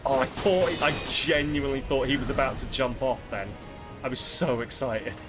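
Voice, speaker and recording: A man's voice: mid-range voice, moderate pace. A young man streaming a game and ranting sarcastically in casual chat. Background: game music.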